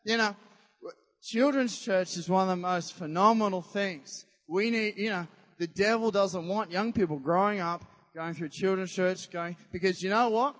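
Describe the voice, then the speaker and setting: A man preaching a sermon to a church congregation, animated and conversational, often asking the crowd questions. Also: high voice, moderate pace. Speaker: pastor. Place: church hall. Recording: long church-hall reverb.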